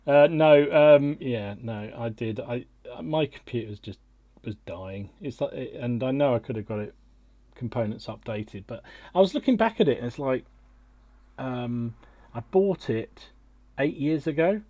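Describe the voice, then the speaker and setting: A middle-aged man rambles through casual chat, often restarting his sentences. His voice is husky and mellow. The sound is dry, as if picked up over a video call. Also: medium pitch, animated, measured pace, no room sound. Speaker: podcast host.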